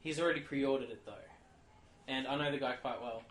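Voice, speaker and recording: Un joven australiano, copresentador de un pódcast, cuenta anécdotas con mucha energía en una charla informal e imita a los dependientes de una tienda cuando los cita. Tiene voz masculina de tono medio y habla con rapidez. La sala suena con eco y se oye un leve ruido de fondo.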